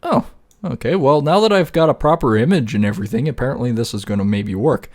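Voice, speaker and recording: A man's voice: mid-range voice, quick pace, darkish tone. A man talking casually through a screen-recorded tutorial, rambling, laughing often and swearing now and then. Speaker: YouTuber.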